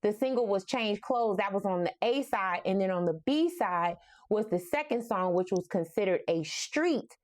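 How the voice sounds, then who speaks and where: A woman's voice: mid-range voice, animated, normal speed, darkish tone. A woman in her forties with a New York accent, hosting a casual, playful music talk and laughing often. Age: 40s. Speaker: host. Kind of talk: casual storytelling about music.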